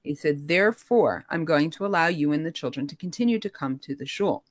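A middle-aged woman telling her personal story in an animated, expressive way, her voice rising when emotional. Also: low-pitched, a little fast. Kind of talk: conversational storytelling.

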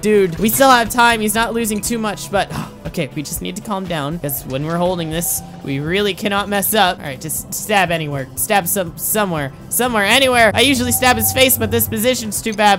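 A man giving excitable gameplay commentary, frantic, exclaiming and laughing at himself as he plays. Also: high voice. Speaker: gaming commentator.

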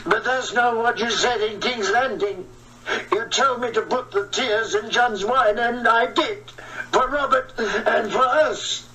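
A man's voice: sits high, bright, forceful tone, far from the mic, rough recording. A man narrating an audiobook voices a hysterical, jealous noblewoman who sobs and pleads frantically. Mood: frantic.

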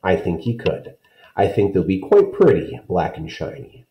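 A man's voice: deep voice, wildly swooping pitch, normal speed, roomy sound, lo-fi sound. A man voicing a kind, poised young girl in a storybook reading, talking in a sophisticated way. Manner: sophisticated, helpful. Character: ten-year-old girl Ellen, poised, kind.

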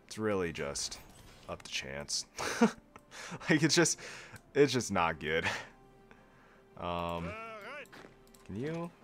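Sarcastic deep-voiced young man gaming. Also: slow pace, pauses often, faint music behind. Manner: sarcastic, self-mocking, laughs often; flat monotone when joking. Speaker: gaming video host. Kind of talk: casual gameplay commentary.

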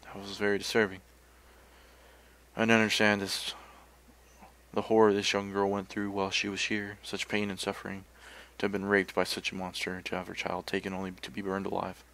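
A man's voice: low voice, completely flat delivery, a little fast, a bit bright, slight background noise. A man hosting a gaming channel, giving profane, jumpy commentary on a horror game and talking to his viewers.

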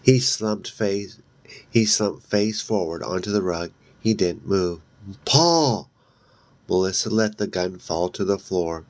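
A man's voice: sits low, steady tone, a little mellow, dry recording. A man reading a horror novel aloud in a casual way, with slips and restarts along the way. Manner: reads slowly, with slips and restarts. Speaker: audiobook reader. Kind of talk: casual read-aloud narration.

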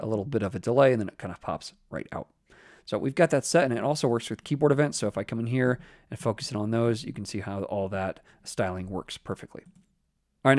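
Low-voiced man narrating a coding tutorial. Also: dry recording, clean studio sound. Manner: relaxed, thinking aloud with fillers while typing code. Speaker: web development instructor. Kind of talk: screen-recorded coding tutorial.

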